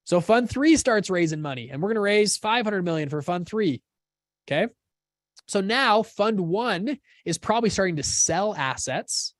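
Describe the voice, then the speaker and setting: A man's voice: high-pitched, animated, normal speed, no room sound. Upbeat man teaching in a dry room. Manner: casual, upbeat, often checks understanding. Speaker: course host. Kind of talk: live teaching session.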